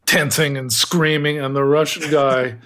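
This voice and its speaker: A man's voice: fairly high pitch, flat delivery, a little slow, pushed and bright. Wry American man telling history. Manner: wry, digressive storyteller, chuckles at his own anecdotes. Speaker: podcast co-host. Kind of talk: casual history chat.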